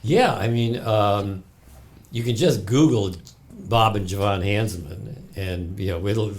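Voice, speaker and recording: An older man with a St. Louis accent talks as a podcast guest. His voice sits low. He is easygoing and patient, chuckling as he goes. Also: unhurried. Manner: easygoing, chuckles, spells things out. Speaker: podcast guest, photographer and historian. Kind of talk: casual interview chat.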